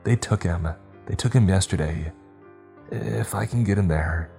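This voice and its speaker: A man's voice: low voice, measured pace, gravelly, mellow, soft background music, voice pushed up. A man voicing a desperate, stubborn teenage girl who pleads with breathless urgency in an audiobook.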